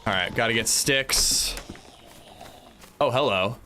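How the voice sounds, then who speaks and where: A man's voice: mid-range voice, takes it slowly, noisy background. A young man chatting casually while streaming a survival game, rambling with frequent restarts and fillers. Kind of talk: casual gameplay livestream chat.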